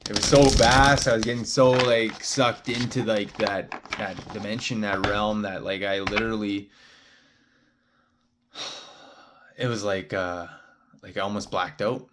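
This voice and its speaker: A man's voice: fairly low pitch, fairly even intonation, unhurried, long pauses, background noise. A man, a spiritual card reader, telling a meandering story in casual talk, full of "uh" and "like". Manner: meandering, heavy on "uh" and "like" fillers.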